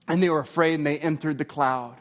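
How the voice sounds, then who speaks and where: A man preaching a sermon in a conversational way, his voice climbing when he gets excited. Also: fairly high pitch, fairly quick. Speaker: pastor.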